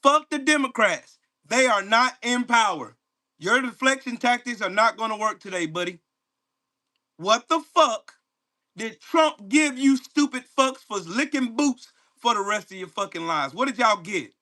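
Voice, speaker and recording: Dude yelling at his livestream chat, swears nonstop, mocking, aave, high bright voice. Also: lively intonation, unhurried. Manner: profane, mocking, confrontational. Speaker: livestream host. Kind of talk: angry political rant to live chat.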